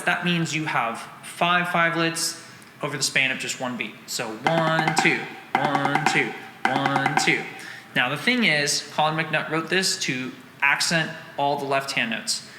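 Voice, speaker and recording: A fairly high-voiced man talks through a snare drum lesson, counting beats and scatting rhythms as he explains. The sound is roomy with a long echo, and loud drum music plays behind him. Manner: counts and sings rhythms aloud in syllables; relaxed explaining with fillers. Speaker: drum teacher. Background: drum line music.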